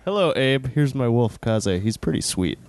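A man's voice: mid-range voice, animated, normal speed, darkish tone, no echo. A man playing a tabletop game, talking in a friendly way. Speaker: player. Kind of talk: in-character table play.

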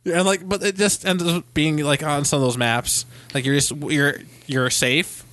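A man's voice: fairly high pitch, fairly even intonation, unhurried, a bit bright, no echo. A man co-hosting a casual podcast chat, talking in a rambling, hesitant way with many fillers. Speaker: podcast co-host.

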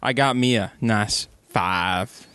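A man's voice: lowish voice, very slow, bright, forceful tone, smooth, no room sound. A man playing a tabletop game, joking around and laughing often. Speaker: player.

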